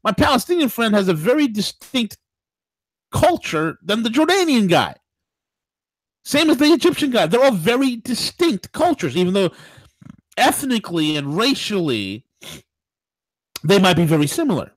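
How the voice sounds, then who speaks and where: Lively, animated male talk host. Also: high voice, moderate pace, pauses often, no echo. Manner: animated, digressive, laughing asides. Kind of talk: political talk radio commentary.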